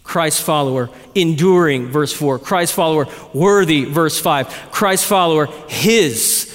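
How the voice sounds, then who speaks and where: A man preaching a sermon as a pastor, emphatic, with dramatic slow phrases. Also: fairly high pitch, in a large hall.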